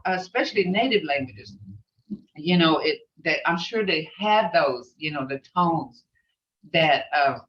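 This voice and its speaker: Woman language teacher, slow-paced, rambling, distant from the mic, dull recording. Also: sits low, animated. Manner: rambling, repeats phrases, many fillers. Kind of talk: online class lecture.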